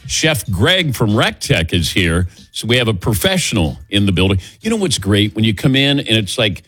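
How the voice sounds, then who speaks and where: A man hosting a sports talk radio show, chatting casually and telling animated stories with quick laughs. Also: fairly low pitch, breathy edge, dry recording, faint music behind. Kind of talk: casual morning radio banter. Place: radio studio.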